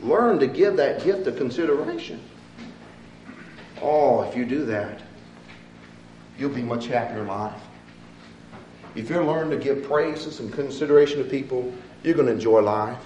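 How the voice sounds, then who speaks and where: A man preaching a sermon, swinging from loud, emphatic rises to quiet, low asides. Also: lively intonation, moderate pace, long pauses, muffled recording, slight background noise. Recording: echoey room with faint ambience.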